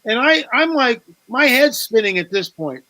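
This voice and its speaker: A man's voice: very high-pitched, big pitch swings, moderate pace, sharp tone, no room sound, rough recording. A man, a guest author on a talk show, telling a story with animation, repeating words and acting out quoted dialogue.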